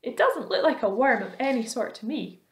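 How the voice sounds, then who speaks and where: A woman voicing a curious, polite young boy who asks gentle questions. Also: on the high side, animated, moderate pace, pitched above the performer's own voice. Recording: roomy echo.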